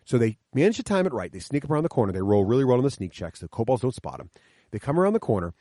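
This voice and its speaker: In a coffee shop sit-down, an excited middle-aged podcast guest tells animated stories about tabletop games with his children. He goes through the rules one step at a time, voices the players, and talks fast with swinging pitch, captured in a dry, close recording.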